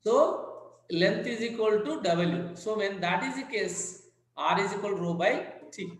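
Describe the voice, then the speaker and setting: A man's voice: sits high, animated, measured pace, roomy sound, poor audio. A man with an Indian English accent, a native Telugu speaker, teaching an online physics class over a video call, repeating points and checking in with his students. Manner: repetitive, addresses students directly. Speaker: physics lecturer.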